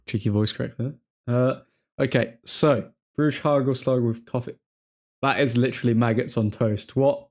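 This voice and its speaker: A man's voice: medium pitch, steady tone, normal speed. A young man hosts a live football watchalong, chatting casually and replying to viewers' messages. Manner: chatty, reacting to the game and replying to chat. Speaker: livestream host.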